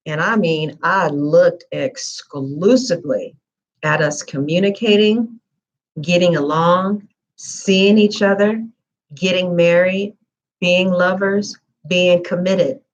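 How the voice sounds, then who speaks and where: Woman chatting thru a tarot reading, kinda low voice, muffled lo-fi sound. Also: fairly even intonation, takes it slowly. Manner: chatty, conversational, frequent fillers. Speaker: tarot reader. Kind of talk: casual live-stream chat.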